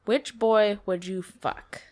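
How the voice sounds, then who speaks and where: A woman's voice: medium pitch, fairly even intonation, takes it slowly, darkish tone. A woman co-hosting a casual podcast chat, playful and teasing, asking questions about anime. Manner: teasing, playful, laughs easily. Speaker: podcast guest co-host.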